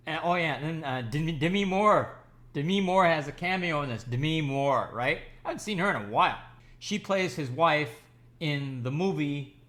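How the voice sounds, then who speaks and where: A man's voice: a little high, a bit bright. A man giving an enthusiastic, rambling movie review, talking casually with frequent restarts and fillers.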